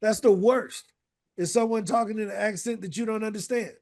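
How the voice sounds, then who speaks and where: A man coaching an online course group on a casual video call, energetic and repetitive, checking in with "right?" between points. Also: high-pitched, brisk.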